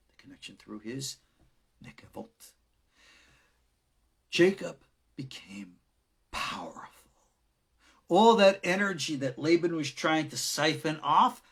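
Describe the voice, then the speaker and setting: Dramatic, husky-voiced male rabbi lecturing. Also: a little high. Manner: dramatic, swings from loud emphasis to hushed whispers. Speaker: rabbi teaching Kabbalah. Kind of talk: recorded lecture.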